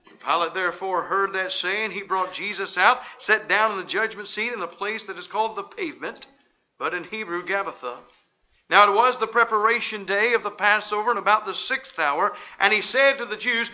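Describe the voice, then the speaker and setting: A man's voice: high-pitched, normal speed, bright, forceful tone. A man preaching a sermon, reading scripture aloud emphatically and breaking in with rhetorical questions. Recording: dull lo-fi recording.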